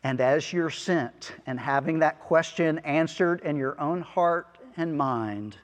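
A man preaching a sermon as pastor of a small church, speaking earnestly with soft asides and chuckles. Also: fairly high pitch, slow, big-room sound.

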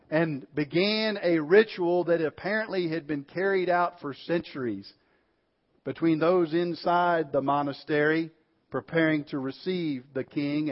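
Slow, measured male preacher. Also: on the high side. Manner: measured storytelling with repeated words. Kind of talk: sermon illustration and closing prayer. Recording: dull lo-fi recording.

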